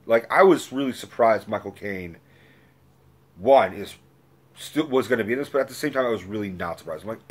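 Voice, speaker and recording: A man rants casually about movies in a slightly low voice. He gets excitable and swears freely, rambling through restarts and fillers as his thoughts tumble out. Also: brisk, husky. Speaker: movie reviewer. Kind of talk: casual rant.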